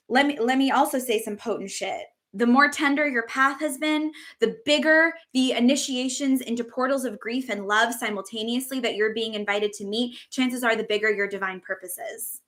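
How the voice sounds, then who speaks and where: Bright-voiced woman giving spiritual teaching. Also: on the high side. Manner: effusive, swears casually, drawn-out emphatic phrases. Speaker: spiritual podcast host.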